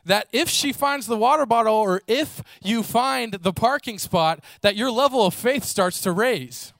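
A male preacher delivering a sermon with animated storytelling, slipping into the voices of the people he describes. His voice is high for a man and sits close and dry, with no room echo. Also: measured pace, vocal fry, few pauses. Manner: animated storytelling, acts out voices, casual fillers.

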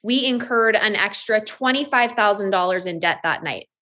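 A woman in her thirties shares a personal testimony in a candid, storytelling way. She talks at a middle pitch and grows animated as she acts out what she once said. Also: normal speed. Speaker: network marketing distributor.

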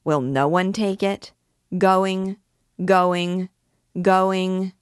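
A woman's voice: mid-range voice, fairly even intonation, drawn-out words, smooth, dry recording, clean studio sound, voice pushed up. A woman voicing a boisterous male vagabond king who mocks his prisoner and calls out like an auctioneer, in a storybook reading.

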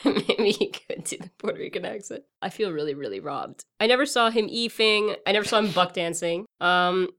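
A woman co-hosting a podcast in casual chat, animated and teasing, laughing often. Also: mid-range voice, brisk, hardly any pauses. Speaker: podcast co-host.

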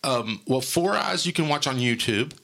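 Bright-voiced man telling stories. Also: medium pitch, expressive, normal speed, creaky. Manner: rambling storyteller, laughs often, acts out quotes. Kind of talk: casual podcast chat.

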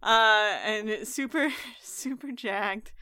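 A woman playing a tabletop game, giggly and animated as she chats. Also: medium pitch, drawn-out words, clear, resonant tone, no echo. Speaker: player. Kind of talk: casual tabletop play.

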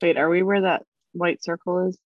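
A woman's voice: fairly low pitch, fairly even intonation, normal speed, dry recording. A woman playing in a tabletop game, dropping blunt, dry quips. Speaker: player. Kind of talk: casual tabletop game chat. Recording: dull lo-fi sound.

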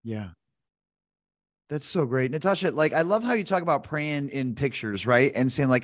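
A man's voice: mid-range voice, normal speed, no echo. Earnest man host, dry close sound. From grew up Pentecostal. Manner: animated, earnest, tells stories. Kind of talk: conversational interview.

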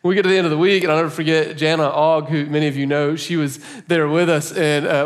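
Higher-voiced man preaching a sermon. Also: quick pace, few pauses. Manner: animated storytelling, often laughing. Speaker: pastor.

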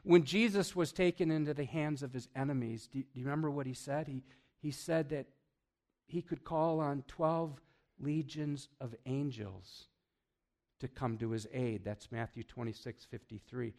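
A pastor preaching a sermon in a church, full of energy, swinging between loud emphasis and hushed asides while quizzing his congregation. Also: mid-range voice, normal speed. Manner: asks the congregation questions, chuckles often.

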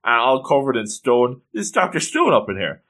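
Excitable bright-voiced man narrating a comic. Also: medium pitch, moderate pace. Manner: excitable, playful exclamations. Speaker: comic reader and commentator. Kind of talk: casual read-along commentary.

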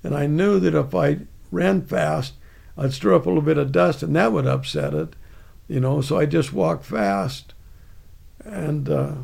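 Older man, gravelly, raspy, slightly high, rambling anecdotes. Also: measured pace, darkish tone. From United States. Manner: rambling, many restarts. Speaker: guest, army veteran. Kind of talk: casual storytelling.

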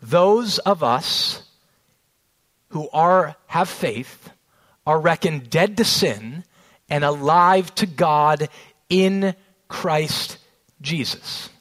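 Guy in his 30s giving a sermon, earnest, slows down for the big lines, kinda high voice. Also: a bit bright, poor audio. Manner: earnest preaching, slowing on key phrases and rising for emphasis; storytelling with family anecdotes. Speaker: pastor.

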